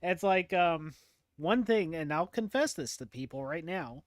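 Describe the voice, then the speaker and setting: A man's voice: on the high side, animated, measured pace, dry recording, clean studio sound. A man hosting a casual podcast chat, talking in a loose, chatty way with lots of fillers, restarts and laughter. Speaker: podcast host.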